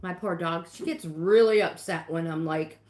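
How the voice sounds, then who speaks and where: A woman's voice: lowish voice, moderate pace, darkish tone. Chatty middle-aged woman in echoey kitchen. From New York State. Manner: rambling, exclamatory, talks to viewers while doing chores. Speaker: livestream host. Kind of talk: casual chat while cleaning. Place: home kitchen, indoors. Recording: roomy echoey kitchen sound.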